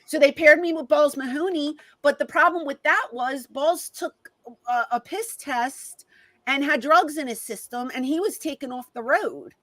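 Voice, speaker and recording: Animated woman telling stories in an interview. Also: sits high, moderate pace, dry recording, poor audio. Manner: animated, reenacts conversations with quoted voices. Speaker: guest, former wrestling personality. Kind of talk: casual storytelling in an interview.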